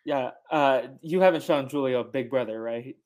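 A man's voice: mid-range voice, a little mellow. A man hosting a podcast, chatting loosely about a film with many fillers. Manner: chatty, halting with fillers, acts out quotes. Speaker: podcast host. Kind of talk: casual chat recapping a film.

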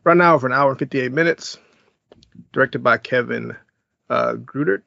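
A man's voice: medium pitch, normal speed, gravelly, pushed and bright, no echo, muffled recording. A man hosting a podcast, giving a laid-back, chuckling movie review and recapping the plot. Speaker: podcast host.

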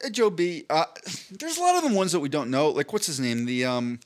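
A man's voice: on the high side, fairly quick. A man on a podcast telling a long story in casual chat, rambling and swearing, acting out what people said. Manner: rambling, animated, swearing, acts out quoted people. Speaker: podcast co-host.

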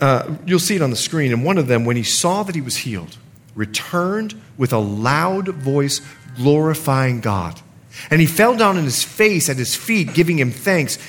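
Male pastor, higher voice, very animated sermon delivery. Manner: animated preaching, acts out the speakers in his stories.

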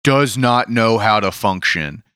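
A man's voice: lowish voice, measured pace, pushed and bright, clean tone, no room sound, clean studio sound. A man co-hosting a podcast, adding wry, joking asides in casual chat about a manga. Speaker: podcast co-host.

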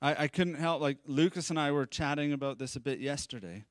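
High, smooth-voiced preacher giving a chatty sermon. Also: male voice, brisk, no echo. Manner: chatty, animated preaching with self-deprecating asides. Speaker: pastor. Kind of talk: conversational sermon. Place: church service streamed live.

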